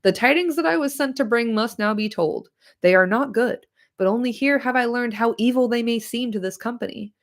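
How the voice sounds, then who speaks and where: A woman's voice: on the high side, a little fast, pitched above the performer's own voice, close to an everyday voice. A woman voicing a fair male elf, speaking earnestly and with urgency in a slightly nasal voice. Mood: urgent. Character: elf man, fair and distressed.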